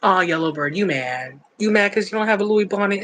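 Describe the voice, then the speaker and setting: A woman's voice: medium pitch, animated, fairly quick, fairly bright tone, a little hiss or hum, poor audio. Blunt, playful woman streamer. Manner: playful, blunt and teasing, laughs often. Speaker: livestream host reading chat. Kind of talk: casual chat.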